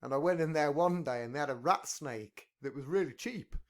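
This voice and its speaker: A man's voice: on the high side, brisk. A man hosting a podcast, telling stories in casual chat and laughing at his own jokes. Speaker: podcast host. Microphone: headphones on.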